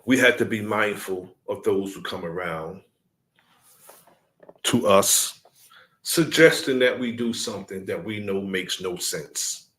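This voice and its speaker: Slow, low-voiced man preaching to followers. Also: a bit bright. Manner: slow, deliberate, preaching cadence with repetition. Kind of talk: casual address to followers.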